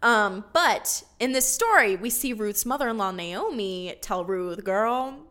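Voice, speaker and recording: A bubbly woman walks through a Bible story as a casual lesson, chatty and quick with laughing asides. Her voice is bright and crisp. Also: medium pitch, animated. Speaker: Bible teacher.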